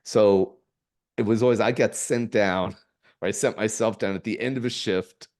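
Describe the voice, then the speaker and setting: A middle-aged man, a podcast guest, telling stories in a rambling way with halting restarts and chuckles. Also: lowish voice, fairly even intonation, a little mellow. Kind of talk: casual storytelling.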